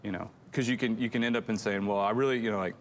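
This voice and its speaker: A man's voice: on the low side, rapid-fire, slight background noise. A middle-aged man co-hosting a church show, telling a rambling, self-deprecating story in casual chat.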